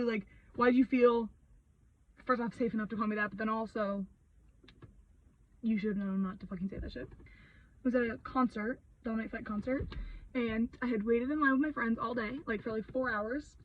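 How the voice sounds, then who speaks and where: A young woman vlogger ranting a story in a heated, sweary, expressive way, full of fillers. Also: a little high, recorded from a distance, lo-fi sound.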